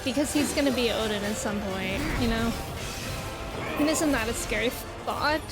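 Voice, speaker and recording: A woman's voice: a little high, normal speed. A woman streaming a game, giving chatty, jokey, slangy commentary as she plays. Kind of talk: casual gameplay commentary. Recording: loud game music behind.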